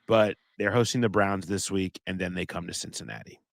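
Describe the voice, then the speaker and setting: A man with a Midwestern American accent co-hosting a casual sports podcast, animated and joking as he shouts out listeners. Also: sits low, a little fast, creaky, dry recording, clean studio sound. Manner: animated, joking, reads listener submissions aloud. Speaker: podcast co-host.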